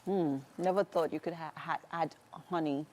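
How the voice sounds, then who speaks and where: A chatty Nigerian woman hosts a breakfast TV cooking segment from a studio kitchen. Her voice sits a little low, and her talk is lively and full of laughs. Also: normal speed. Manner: chatty, animated, laughs often. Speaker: morning show host.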